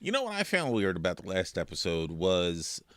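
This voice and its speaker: A man's voice: low voice, wildly swooping pitch, fairly quick, fairly bright tone, clean tone, no echo. A man co-hosting a casual chat, teasing and playful in his banter. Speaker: co-host.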